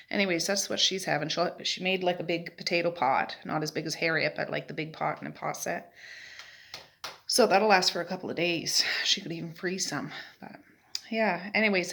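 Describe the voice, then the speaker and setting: A woman's voice: lowish voice, a little fast, gravelly, fairly bright tone. A middle-aged woman from Nova Scotia chatting casually about her day at home, rambling through stories with plenty of fillers. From Nova Scotia, Canada. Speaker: vlogger, mother. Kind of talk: casual day-in-the-life chat. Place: at home, sitting in a rocking chair.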